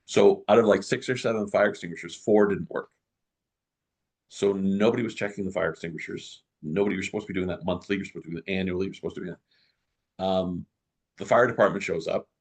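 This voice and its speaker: A middle-aged man telling a story as a guest in an interview, lively and full of restarts. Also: low-pitched, fast. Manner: animated storyteller, many restarts.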